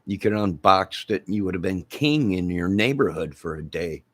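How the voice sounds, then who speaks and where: A man's voice: deep voice, expressive, normal speed, a bit bright, no echo. A middle-aged man hosting a livestream, chatting casually with viewers in a rambling, joking way. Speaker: livestream host. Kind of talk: casual chat with live viewers.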